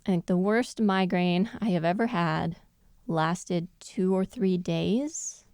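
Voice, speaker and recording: Podcast co-host, woman, thoughtful and quick to laugh, clean smooth tone. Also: on the low side, a little mellow, dry recording, clean studio sound. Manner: thoughtful, laughs often while explaining. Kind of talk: casual analytical chat.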